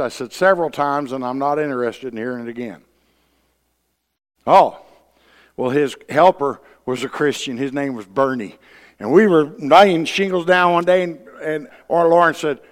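A man's voice: mid-range voice, normal speed. Folksy preacher man in a reverberant hall. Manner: folksy storyteller, blunt, rising to loud emphasis. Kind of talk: sermon with personal testimony. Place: church sanctuary.

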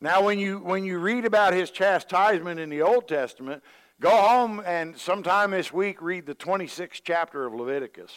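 A man preaches a sermon in a folksy, storytelling way, slipping into the voices of the people he quotes. His voice sits a little high for a man. The sound rings with the long reverb of a large hall. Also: moderate pace, a bit bright, clear, resonant tone. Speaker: pastor.

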